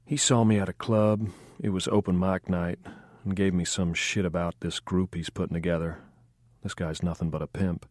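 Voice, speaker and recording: Male reader as young female club singer, blunt and cynical, low dry read. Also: little pitch movement, moderate pace, darkish tone, no room sound, lightly acted. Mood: wry. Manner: dry, matter-of-fact, cynical. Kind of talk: audiobook dialogue.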